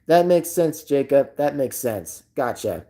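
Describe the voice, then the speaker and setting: A woman's voice: very deep voice, expressive, measured pace, warm tone. A woman hosting a live stream, chatting casually and rambling with lots of "like" and "by the way". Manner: rambling, heavy filler "by the way" and "like".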